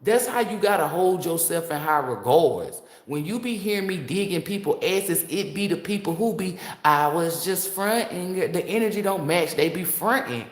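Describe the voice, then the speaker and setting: A woman's voice: lowish voice, lively intonation, moderate pace, few pauses. A woman, a tarot reader, speaking to her viewers in a blunt, profane, preachy monologue. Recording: echoey room.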